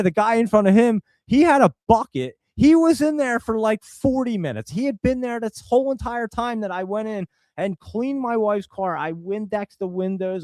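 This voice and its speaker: A middle-aged live show host with a high-pitched voice tells viewers a long story in a casual, animated manner, laughing now and then. The recording is dry.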